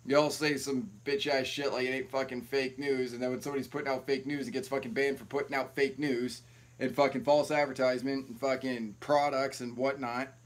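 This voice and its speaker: A young man vlogging from home and telling swear-filled stories straight to the camera. He rambles and rants in a casual voice of ordinary pitch, picked up by the camera's own mic. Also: little pitch movement, fairly quick. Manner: profane, rambling, ranting. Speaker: YouTube vlogger. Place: at home, no ring light set up. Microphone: built-in camera mic, no external mic.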